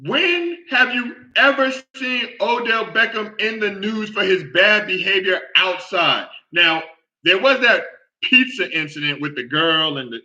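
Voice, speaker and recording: A man hosting a casual sports talk show, talking in an animated way, often repeating himself and asking "all right?". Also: sits high, muffled recording.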